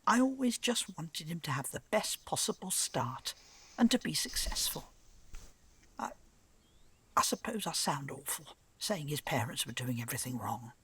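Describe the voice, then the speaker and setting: A woman's voice: deep voice, big pitch swings, normal speed, slightly rough, exaggerated voice. An actress voicing an older grandmother in a video game, speaking reflectively and with regret about her grandson. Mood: wistful.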